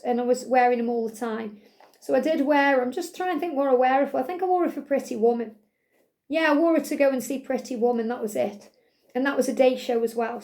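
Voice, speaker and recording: Woman, middle-aged, high-pitched, chatty, rambling, gushing, casual vlog review. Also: a little mellow. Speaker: wig vlogger.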